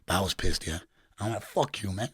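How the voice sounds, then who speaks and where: A man's voice: lowish voice, expressive, a little fast, breathy edge, dry recording, studio quality. A middle-aged man with a Geordie accent, telling crude stories in a casual interview, swearing and laughing often. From England. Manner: swearing, laughing storyteller with street slang. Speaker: guest.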